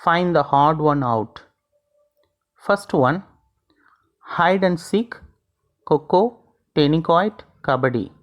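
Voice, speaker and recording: Slow, deliberate Indian English teacher. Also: medium pitch, expressive. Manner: slow, deliberate dictation of questions and answers. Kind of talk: reading out textbook exercise answers.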